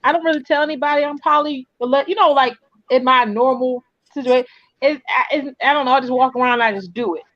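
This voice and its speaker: A woman in casual chat, telling an animated story full of quoted dialogue. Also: high voice, fast, dry recording, dull audio. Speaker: co-host.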